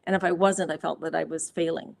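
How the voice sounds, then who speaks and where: A woman author appears as a guest on a live interview show, reflecting candidly and sharing personal stories with fillers and restarts. She speaks fairly quickly in a low, flat voice with vocal fry.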